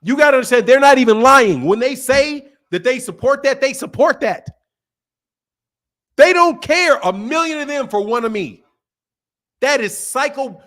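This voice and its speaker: A fairly high-pitched young man hosts a boxing stream in a heated rant. He repeats his points over and over, swears freely, and jumps between loud, shouted bursts and low, muttered asides. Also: lively intonation, normal speed. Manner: emphatic, repetitive, profane, swings between loud and quiet. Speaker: boxing channel host.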